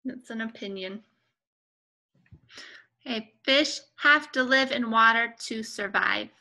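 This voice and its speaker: A young woman teaching a remote lesson to young children, speaking patiently and clearly with pauses between words. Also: fairly high pitch, sharp tone, poor audio.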